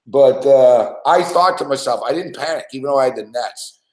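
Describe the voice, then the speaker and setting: A man's voice: mid-range voice, normal speed, echoey room, low-quality recording. Laughing, profane sports talk man. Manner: profane, laughing, gets excited over plays. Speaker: sports podcast host. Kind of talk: casual sports talk rant.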